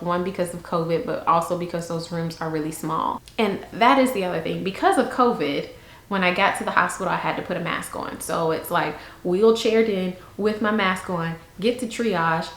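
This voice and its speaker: A young woman telling a story to camera in a chatty, frank, animated way. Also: lowish voice, echoey room. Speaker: vlogger.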